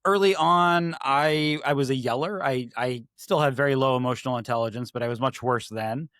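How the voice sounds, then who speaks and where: A man, a podcast guest, telling stories in a casual, animated way and acting out his own past remarks. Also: mid-range voice, normal speed, dry recording, studio quality. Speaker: podcast guest, IT services manager.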